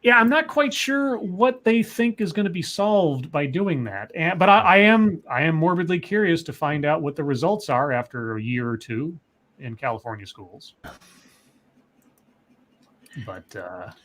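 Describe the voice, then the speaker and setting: A man's voice: fairly high pitch, expressive, normal speed, fairly bright tone. A man hosting a podcast, talking casually and musing aloud with questions and restarts. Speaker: podcast host. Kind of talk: casual chat.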